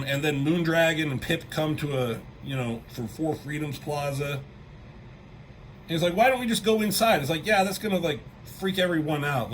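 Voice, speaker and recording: A man casually recapping a comic book, loose and excitable, acting out the characters' lines in quick bursts and swearing freely. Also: medium pitch, slight background noise.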